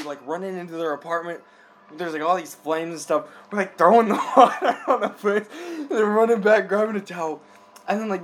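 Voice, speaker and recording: A man's voice: on the high side, slight background noise. A young man, a missionary, telling a rambling casual story with lots of filler words and frequent laughter. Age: young adult.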